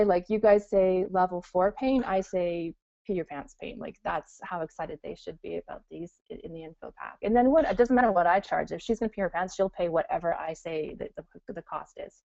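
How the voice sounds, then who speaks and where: Middle-aged woman guest, chatty and animated when quoting others, mellow voice, dull dry audio. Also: on the low side, normal speed, no echo. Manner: chatty, acts out customers' excited reactions. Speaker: guest entrepreneur. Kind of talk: casual interview talk. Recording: muffled call audio.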